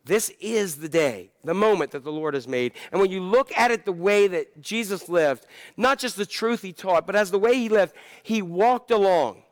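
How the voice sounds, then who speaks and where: A man's voice: high voice, normal speed, no room sound, clean studio sound. A man preaching a sermon, talking in a conversational, self-deprecating way that builds to impassioned emphasis. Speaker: pastor.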